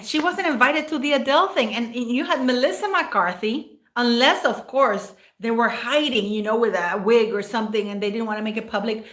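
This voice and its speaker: A woman's voice: on the high side, brisk, few pauses, fairly bright tone. A woman hosting a casual livestream, rambling and emotional as she thanks viewers by name. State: near tears at times. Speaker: livestream host.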